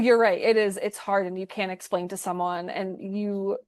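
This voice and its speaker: A woman's voice: medium pitch, fairly even intonation, normal speed, darkish tone, dry recording. Effusive young woman, dry close sound. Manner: effusive and heartfelt, with frequent restarts. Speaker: program participant giving a testimonial. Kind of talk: emotional conversational interview.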